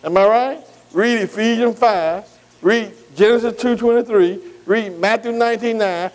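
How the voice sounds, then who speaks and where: A man's voice: high voice, normal speed, poor audio. A man preaching a sermon in folksy, colloquial speech, repeatedly asking the congregation whether they agree. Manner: folksy, colloquial Southern US grammar.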